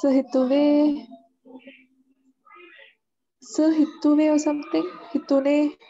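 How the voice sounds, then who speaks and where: A woman's voice: high voice, little pitch movement, takes it slowly, warm tone. A woman practicing French verbs in a lesson, hesitant and searching for words. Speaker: French student. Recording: dull lo-fi sound.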